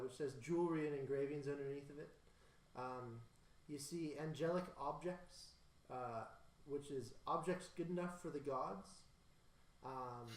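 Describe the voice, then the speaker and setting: A man running a tabletop game as game master, narrating in a halting way with many ums. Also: fairly high pitch, darkish tone. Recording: echoey room, mic at a distance.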